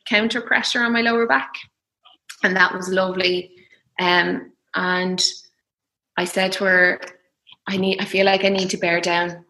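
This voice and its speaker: A young woman telling her birth story in a soft, reflective, emotional way. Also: on the low side, low-quality recording. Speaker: guest.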